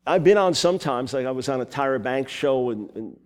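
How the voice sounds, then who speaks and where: A man from New York with a New York accent, preaching a sermon full of personal stories, animated and quick with asides. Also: mid-range voice. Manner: animated storytelling, quick asides and self-corrections.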